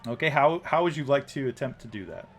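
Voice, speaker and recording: A man's voice: medium pitch, a little hiss or hum. Man narrating a tabletop game. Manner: halting, with frequent ums and restarts. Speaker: game master.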